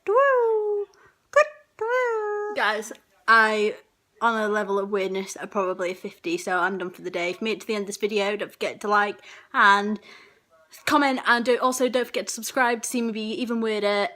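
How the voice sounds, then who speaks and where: A woman's voice: medium pitch, steady tone, fairly quick, pushed and bright. A young woman vlogging casually, giggly and self-mocking as she tries silly animal impressions.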